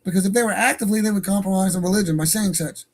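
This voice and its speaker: A man's voice: sits high, racing. A man hosting an online radio show, talking in a profane, rambling and heated way. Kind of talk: casual ranting monologue. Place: home studio for an online stream.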